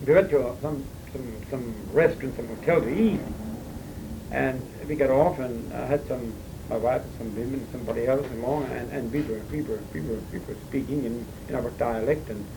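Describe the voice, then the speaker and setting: A man's voice: medium pitch, moderate pace, background noise. A man from Pennsylvania with a Pennsylvania German accent, telling stories in a casual chat with many restarts and repeated words. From Pennsylvania, USA. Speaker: dialect poet telling stories. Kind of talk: casual storytelling.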